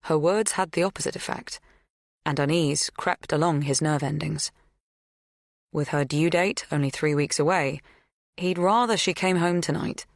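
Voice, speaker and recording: A woman reading a thriller audiobook in measured, scripted first-person narration. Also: sits low, no echo, studio quality.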